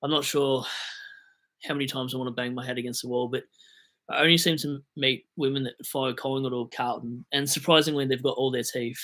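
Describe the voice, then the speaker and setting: A young Australian man hosts a casual livestream, reading viewer comments aloud and answering questions with jokey, self-deprecating rambling. His medium-pitched voice is steady and fairly bright, a little fast.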